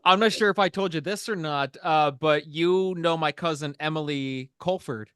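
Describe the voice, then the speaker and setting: Bright, crisp-voiced podcast host. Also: male voice, a little high, moderate pace, no room sound, studio quality. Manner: joking, laughing, quotes others in put-on voices. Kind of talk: casual chat.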